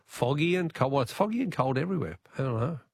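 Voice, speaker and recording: Chatty Australian radio host. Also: male voice, mid-range voice, animated, fast, breathy edge. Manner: chatty, laughs easily, jokes with callers. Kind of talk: talkback radio quiz.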